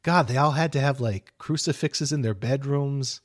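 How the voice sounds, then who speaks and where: A man's voice: medium pitch, normal speed. A man co-hosting a podcast in casual chat, joking with crude humor and laughing easily. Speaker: podcast co-host.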